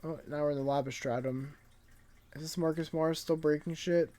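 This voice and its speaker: A man's voice: fairly high pitch, fairly even intonation, normal speed, darkish tone. A man reviewing a comic chapter in casual, rambling commentary, laid-back and profane, sounding tired late at night.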